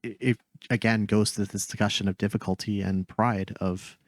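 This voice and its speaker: A man co-hosts a casual podcast and reflects in a measured, thoughtful way. His voice is very deep, and the recording is dry and close. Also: fairly even intonation, no room sound. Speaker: podcast co-host.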